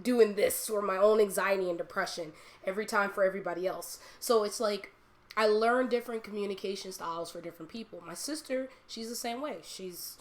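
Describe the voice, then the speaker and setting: A woman talking casually and candidly as a live streamer, telling animated personal stories and laughing often. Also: mid-range voice. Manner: candid and confiding.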